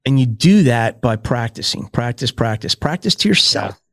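A man's voice: medium pitch, lively intonation, moderate pace, fairly bright tone, dry recording, studio quality. A man, a podcaster guest in a casual interview, talking emphatically and repeating words for stress.

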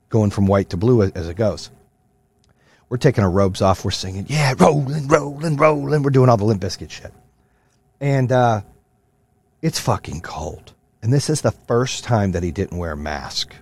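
Profane, fired-up male podcast host. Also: slightly rough. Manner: profane, fired-up motivational ranting; swings from loud rants to low, quieter storytelling. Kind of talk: casual monologue.

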